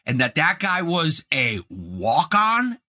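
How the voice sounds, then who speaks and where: Guy cohosting a chat, bright forceful voice, pitched a bit high, cracking jokes. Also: wildly swooping pitch, slow. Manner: joking, self-deprecating banter. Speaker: co-host. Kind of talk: casual chat.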